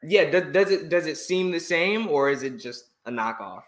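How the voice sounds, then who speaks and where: A young man hosting a casual interview podcast, excitable and laughing often. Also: a little high, moderate pace, roomy sound. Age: young adult. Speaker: podcast host.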